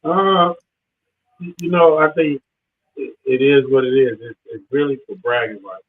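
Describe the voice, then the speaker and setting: A man's voice: medium pitch, a little slow. A man, a former player, telling rambling stories from the past in an easygoing, casual way. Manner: laid-back, rambling reminiscence. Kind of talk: casual storytelling. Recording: tinny phone line with faint noise.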